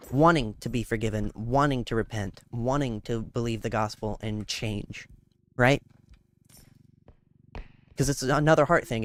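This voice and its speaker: A man streaming a game while chatting about Christian faith, explaining scripture earnestly and gently cautioning viewers. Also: mid-range voice. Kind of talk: casual faith chat while gaming.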